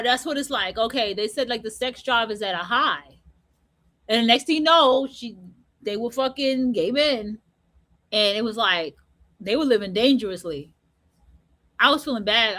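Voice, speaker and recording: A woman's voice: a little high, animated, normal speed, sharp tone. A woman hosting an online talk show in a blunt, profane, slangy casual monologue. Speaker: host.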